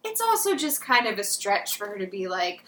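A woman's voice: medium pitch, big pitch swings, brisk, a bit bright. A woman co-hosting a casual podcast, dismissing a TV show with scorn. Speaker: podcast co-host. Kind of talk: casual chat.

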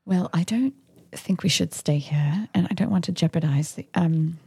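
A woman playing a wary breathy fugitive. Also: lowish voice, normal speed, dry recording, exaggerated voice. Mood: skeptical. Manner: hushed, half-whispered, practical and teasing. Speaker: podcast co-host. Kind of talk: improvised comedy skit.

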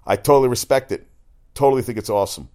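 A man's voice: medium pitch, fast talker, darkish tone. A middle-aged man hosting a sports talk show, talking casually and bluntly, with frequent asides and swearing. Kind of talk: casual sports radio monologue.

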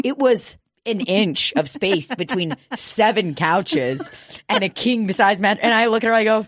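A woman's voice: medium pitch, lively intonation, a little slow, no echo, studio quality. A woman host telling a comedic story in casual, profane talk, laughing often and acting out quotes.

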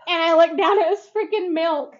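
A woman's voice: extremely high pitch, fairly even intonation, normal speed. A young woman co-hosting a podcast, telling a story in casual chat, giggly and rambling with lots of fillers. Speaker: podcast co-host. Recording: dull lo-fi sound.

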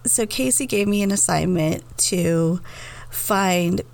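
A woman in her thirties, co-hosting a podcast, telling stories in an animated, chatty way. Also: lowish voice, slow, gravelly, rough recording. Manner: animated storyteller, laughs while reading reviews aloud. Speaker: podcast co-host. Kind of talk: casual chat.

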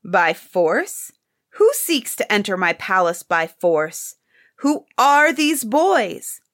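A woman's voice: medium pitch, sing-song, takes it slowly, heavily acted. A woman voicing an angry, commanding old emperor in a read-aloud fairy tale. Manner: commanding, outraged shouts.

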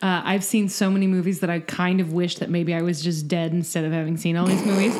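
A woman co-hosts a podcast in relaxed, casual chat. She sounds tired, swears freely and breaks into laughter often. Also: fairly low pitch, normal speed, background noise. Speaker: podcast co-host.

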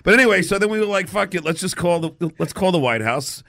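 A man's voice: sits high, animated, quick pace, gravelly, pushed and bright. A man guest on a radio show, telling a story with stammers, laughs and swearing, acting out the people in it. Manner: stammering, laughing, swearing, acts out other voices. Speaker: guest comedian. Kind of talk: telling an anecdote.

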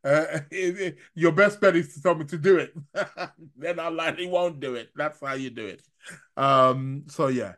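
A man who reads tarot and practices astrology chats through a live stream, voicing viewer comments in a wandering, halting manner full of restarts and little laughs. His voice leans high with a fairly bright tone.

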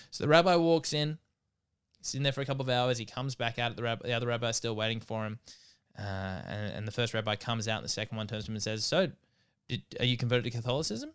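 A man's voice: mid-range voice, fast talker, clear, resonant tone. A man, a podcast co-host telling stories in casual chat and laughing often. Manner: animated, laughs through his stories.

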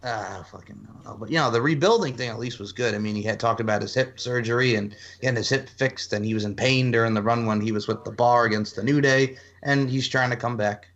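A man co-hosting a casual wrestling chat, animated, laughing often and breaking into chants. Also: medium pitch, fast, few pauses, muffled recording. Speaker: podcast co-host.

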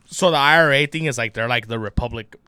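A young man co-hosting a casual podcast in a room, joking and swearing, sometimes mumbling low and sometimes breaking into loud outbursts. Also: fast talker, clear, resonant tone, no room sound. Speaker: podcast co-host. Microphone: close mic in a bedroom.

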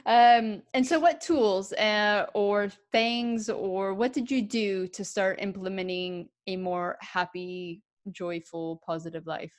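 A woman hosting an interview, asking gentle questions and affirming her guest. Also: mid-range voice, fairly even intonation, takes it slowly, few pauses. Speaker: podcast host. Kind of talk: conversational interview.

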